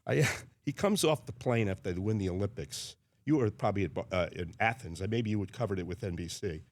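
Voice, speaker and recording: A man's voice: fairly low pitch, a little fast, no echo. A man, a veteran sports interviewer, telling chatty anecdotes as a guest and acting out the quotes. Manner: animated, chatty, acts out quotes. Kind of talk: anecdotal storytelling.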